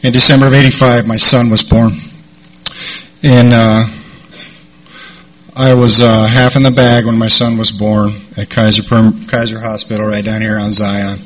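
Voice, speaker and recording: A middle-aged man sharing a recovery story in a rambling, halting way, with many fillers. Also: fairly low pitch, little pitch movement, fairly bright tone. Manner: rambling, halting delivery with repeated "and, uh". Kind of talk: personal storytelling talk.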